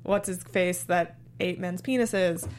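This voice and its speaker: A woman in an easygoing podcast conversation. She hedges her points with "like" and "um". Her voice is slightly low-pitched. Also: slow, a little hiss or hum. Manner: relaxed, hedging, filler-heavy. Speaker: podcast co-host. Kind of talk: casual chat.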